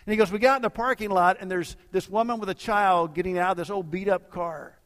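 A man preaching a sermon as a lively storyteller, acting out the dialogue of the people in his story. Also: sits high, a little hiss or hum. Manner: animated storyteller acting out dialogue in quick asides. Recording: long reverb of a large hall.

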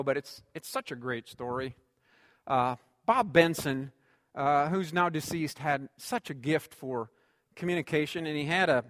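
Lively, animated male preacher in a hall. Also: fairly high pitch, studio quality. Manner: lively preaching with humor and asides. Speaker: pastor. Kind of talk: sermon. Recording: long hall reverb.

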